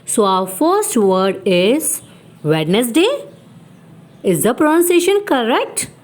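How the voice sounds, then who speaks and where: A woman's voice: on the high side, big pitch swings, unhurried, darkish tone. A woman teaching English pronunciation, repeating words and quizzing her viewers with questions. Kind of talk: pronunciation lesson.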